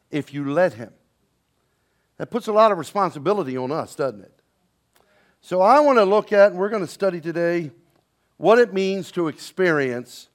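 A man preaching a sermon to a congregation, swinging between soft, slow lines and loud, quick ones and calling on the listeners to respond. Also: a little high. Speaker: pastor. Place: church sanctuary with congregation, also streamed online.

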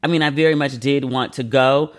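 A man with a mid-range voice chats as the host of a podcast. He is loose and expressive, rambling between plans with casual swearing and self-mocking laughs. He speaks at an easy, everyday pace. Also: medium pitch, brisk. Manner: chatty and expressive, swears freely, laughs at himself. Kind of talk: casual chat.

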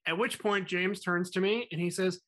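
A man co-hosts a casual chat show and tells stories with animated, self-mocking flair. His voice rings bright and forward. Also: sits high, normal speed. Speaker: podcast co-host.

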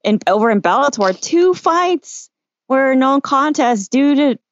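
A woman hosting a casual talk show over a video call, relaxed and full of fillers. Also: sits high, unhurried, no echo, muffled recording. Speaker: host. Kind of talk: casual online chat.

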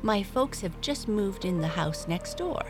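A woman's voice: medium pitch, animated, unhurried, voice pushed up, lightly acted. A woman voicing a worldly young male cat in a storybook, speaking in a knowing, slightly proud way. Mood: friendly. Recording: clear music behind voice.

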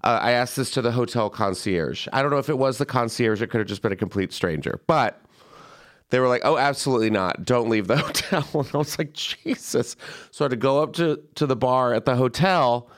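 A young man hosting a podcast, telling a story in an animated, chatty way and acting out the voices of people he quotes. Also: medium pitch. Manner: animated, quick asides, acts out quoted voices. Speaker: podcast host. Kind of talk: casual storytelling chat.

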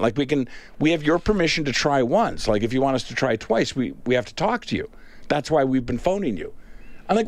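A man's voice: medium pitch, big pitch swings, fast, no room sound. A man co-hosting a radio talk show, telling a story casually and acting out both sides of the conversation.

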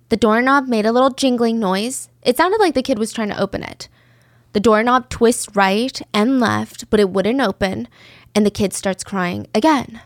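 A woman with a fairly high voice tells a true crime story as if chatting with a friend. She adds casual asides. The sound is close and dry. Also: normal speed, no echo.

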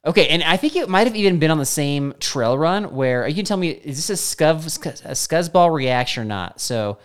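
Man telling a story with a smooth, clear voice. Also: on the high side, moderate pace. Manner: animated storytelling, voice jumps up when acting out quotes. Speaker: podcast co-host. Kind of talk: casual chat.

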